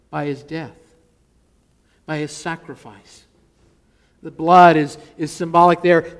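A male pastor preaches with a high-pitched voice. He delivers his sermon emphatically and lets key words sink to a hush. The sound has the long echo of a church sanctuary. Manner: emphatic, dropping to near-whispers on key words.

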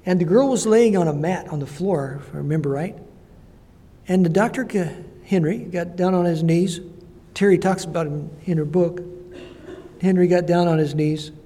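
An older man preaching a sermon as a missionary, telling personal stories in a halting, reflective way. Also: a little high, warm tone. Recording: long hall reverb.

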